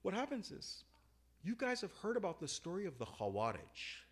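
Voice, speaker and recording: Animated male preacher, bright lively voice. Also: sits high, moderate pace, husky. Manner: animated, swings from loud emphatic peaks to quiet asides; uses Arabic religious terms. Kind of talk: sermon with storytelling.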